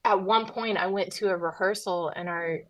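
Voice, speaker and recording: A woman's voice: lowish voice, dry recording, low-quality recording. A woman from Tennessee, a pastor's wife and comedian, telling stories as a guest in a casual podcast interview. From Southern US, Tennessee. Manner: animated storyteller, quick asides.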